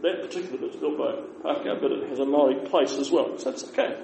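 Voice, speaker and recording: Teaching beginner Māori phrases to learners in a relaxed class, a man with a New Zealand accent explains at an unhurried pace and repeats words. His voice is a little high and creaky, captured in an echoey room with faint noise.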